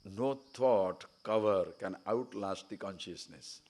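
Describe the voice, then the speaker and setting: A man's voice: on the low side, slow, a little mellow. A man giving a spiritual talk at a retreat camp, telling stories animatedly and acting out the speakers he quotes. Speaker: spiritual teacher. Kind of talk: spiritual discourse.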